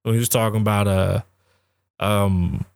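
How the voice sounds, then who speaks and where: A man's voice: on the low side, steady tone, a little slow, gravelly, a little mellow, clean tone, no echo. A man hosting a podcast, giving casual, profane and rambling commentary on the news. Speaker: podcast host.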